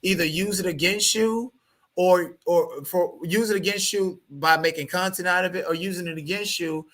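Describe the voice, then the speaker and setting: A man talking as a guest on a livestream interview, animated and profane, repeating himself when he gets worked up. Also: high-pitched, moderate pace.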